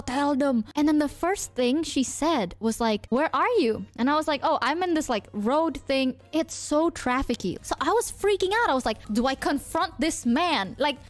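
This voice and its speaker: Streamer, young woman, high and bouncy voice, swears a lot while chatting. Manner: animated, swearing, mixes in Indonesian words. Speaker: VTuber streamer. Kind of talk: casual storytelling to chat.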